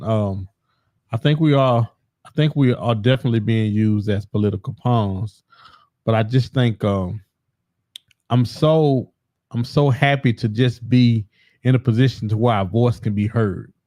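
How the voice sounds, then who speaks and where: A man talking as a guest on a casual political talk show, relaxed and given to repeating his words. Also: mid-range voice, unhurried, dry recording, clean studio sound.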